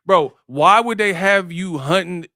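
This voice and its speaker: A man's voice: sits high, unhurried, pushed and bright, dry recording, studio quality. A man hosting a live-stream sports talk show. He speaks in slang, jokes, and keeps breaking into impressions. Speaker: host.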